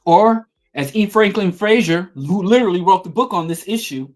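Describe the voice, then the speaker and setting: A man's voice: sits high, lively intonation, normal speed, faint music behind. Emphatic middle-aged man lecturing. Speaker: podcast host. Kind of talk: political commentary monologue.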